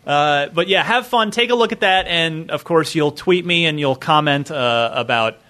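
A man hosting a casual chat show, talking in an animated, chatty way with loose restarts. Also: fairly high pitch, normal speed. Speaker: podcast host.

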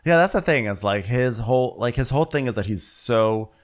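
A man's voice: mid-range voice, expressive, brisk. A man co-hosting a casual comedic TV recap, chatty and rambling as he acts out characters. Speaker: podcast co-host.

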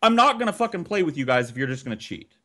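A man's voice: on the high side, sing-song, rapid-fire, bright, forceful tone. A man telling a childhood story on a podcast in casual, profanity-laced chat.

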